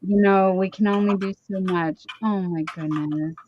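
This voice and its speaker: A woman hosting a casual livestream, gushing and gasping with excitement as she unboxes gifts. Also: mid-range voice, normal speed, background noise. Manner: gushing, excitable, many gasps and exclamations. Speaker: livestream host. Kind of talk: casual live chat while unboxing gifts. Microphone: webcam or desk mic on a video stream. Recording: dull dry stream audio.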